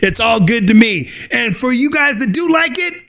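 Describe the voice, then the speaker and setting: A man with a strikingly high voice rants on his own channel. He mocks and scoffs as he goes, breaking into laughter often. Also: a little fast, creaky, few pauses, bright, forceful tone. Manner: mocking, scornful, laughs often. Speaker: channel host. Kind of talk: ranting commentary video.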